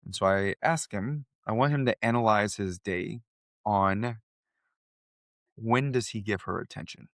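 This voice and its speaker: A man co-hosting a podcast draws on his coaching work, speaking earnestly and with conviction. His voice sits a little low and sounds close and dry. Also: unhurried, a bit bright, dry recording. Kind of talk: casual chat.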